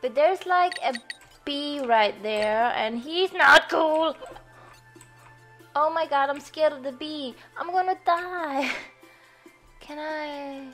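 A woman's voice: sits high, takes it slowly. A young woman giving chatty gameplay commentary, easily startled and swearing when frustrated. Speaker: gaming youtuber. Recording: faint game music behind.

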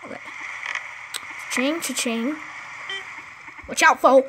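A woman playing a mobile game, commenting casually and excitably with sudden shrieks and giggles. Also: extremely high pitch, slow, long pauses, a little hiss or hum.

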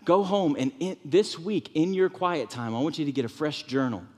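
A man delivers a sermon in a church sanctuary with an animated, shifting delivery. His voice sits on the high side. Long reverb from the hall trails his words. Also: moderate pace. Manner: animated preaching, drops to soft tones for comfort, rises high for emphasis. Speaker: pastor.

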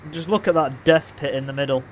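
A young man casually commentating his own racing game, playful and excitable, with loud bursts of trash talk. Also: fairly high pitch, quick pace, a little hiss or hum. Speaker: gaming commentator.

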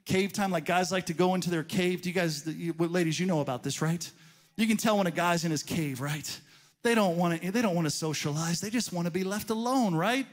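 A man with a high-pitched voice delivers a sermon in a church. He tells a personal story in an easy, conversational way. His delivery swells to emphatic peaks and sinks into quiet asides. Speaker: pastor. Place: church sanctuary.

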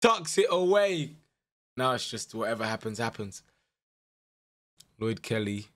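Young man, live gameplay commentary, slow, drawn-out delivery, swings from muttering to shouting. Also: mid-range voice. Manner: animated, swings from muttered dread to shouting excitement. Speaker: gaming YouTuber.

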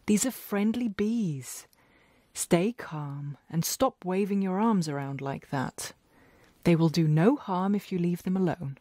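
A woman voicing a calm, friendly male farmer who keeps bees, speaking in a reassuring storybook manner. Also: fairly low pitch, measured pace, no room sound, clean studio sound.

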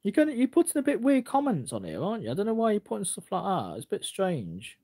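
A man's voice: sits high, huge pitch swings, quick pace, darkish tone, slightly rough. A man ranting casually on a livestream, rambling and repeating himself with stumbling restarts as he answers chat comments.

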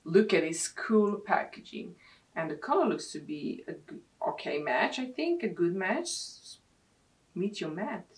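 A woman vlogger from Sweden chatting casually and excitedly as she unboxes beauty products. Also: on the low side, a little slow. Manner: excitable, gushing over products. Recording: distant mic with clear background noise.

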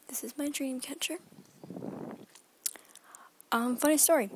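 A woman's voice: high voice, unhurried, long pauses, darkish tone, a little hiss or hum, poor audio. A young woman in her teens chatting in a rambling daily vlog from her bedroom, often dropping into a whisper, filmed on a phone held at arm's length. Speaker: vlogger.

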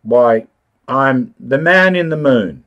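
A man's voice: medium pitch, expressive, slow, dull audio. A man doing the bewildered Man in the Moon. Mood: earnest. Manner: polite, earnest, easily startled.

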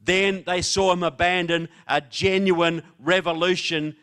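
A man's voice: sits high, steady tone, a little slow, a bit bright, smooth. New Zealand man giving a folksy political speech. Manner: joking, folksy asides to the crowd. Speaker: guest speaker. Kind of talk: political speech to a live audience.

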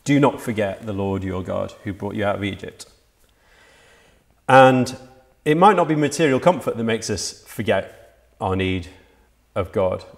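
A man preaching to a livestreamed church service. His voice sits low and has a gravelly fry to it. He speaks earnestly and reflectively, often restarting his sentences. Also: lively intonation, a little slow. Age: adult, past university age. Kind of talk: sermon.

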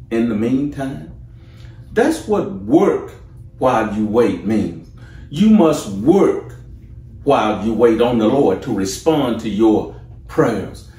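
A man preaching a sermon as pastor, slow and deliberate with rising emphasis. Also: medium pitch, expressive, warm tone, roomy sound, distant mic.

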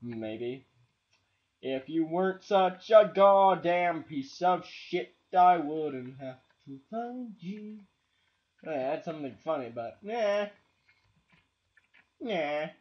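A Canadian man with a cold does let's play commentary in a fairly high, expressive voice, speaking slowly with long pauses. Exasperated and swearing, he talks to objects on the screen, and the sound is lo-fi.

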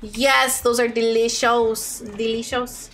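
Young woman streamer, high and bright-voiced, excitable gaming chatter with chat. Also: slow pace. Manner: excitable, squealing, talks to chat. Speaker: Twitch streamer.

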